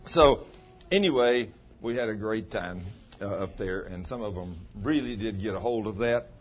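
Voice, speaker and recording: A pastor with a fairly low-pitched voice preaches at normal speed in a chatty, folksy style, teasing congregation members by name. The recording sounds dull, with faint background noise.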